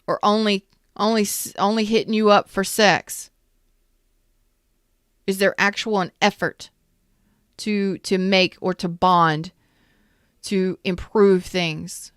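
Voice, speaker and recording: A woman's voice: mid-range voice, fairly even intonation, takes it slowly, long pauses, clean tone, no echo, studio quality. A woman giving a casual spoken tarot reading, chatty and full of repeated questions and restarts. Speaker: tarot reader.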